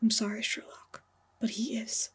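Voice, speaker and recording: A woman reading the lines of a gentle, sorrowful male police inspector who speaks softly. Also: medium pitch, completely flat delivery, a little fast, breathy edge. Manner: soft-spoken.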